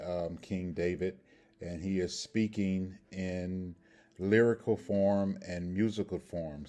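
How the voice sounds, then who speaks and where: A man teaching a scripture language lesson in a deliberate, explanatory way, often checking in with his listeners. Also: sits low, warm tone. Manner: deliberate, explanatory, checks in with "okay?" and "all right?". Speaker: Hebrew grammar teacher.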